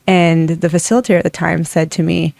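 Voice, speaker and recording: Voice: mid-range voice, flat delivery, a little fast, gravelly, a little mellow, no room sound. A breathwork facilitator in their thirties telling a personal story casually, rambling with many "like" fillers.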